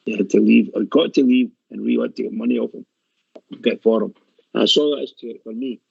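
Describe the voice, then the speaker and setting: A man's voice: mid-range voice, fairly even intonation, fairly quick, gravelly, darkish tone, husky, no room sound. A man calling a radio phone-in, speaking emphatically and repeating his phrases for weight. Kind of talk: casual phone-in chat. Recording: dull dry line.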